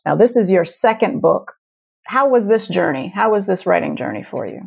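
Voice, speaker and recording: Gravelly-voiced interview host. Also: mid-range voice, animated, moderate pace. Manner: attentive, brief affirmations. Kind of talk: interview chat.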